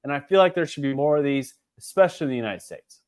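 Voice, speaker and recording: A man's voice: a little high, quick pace. A man co-hosting a podcast, telling a story in casual chat, acting out the other people in it and swearing freely. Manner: animated, profane, acts out other people's lines. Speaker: podcast co-host.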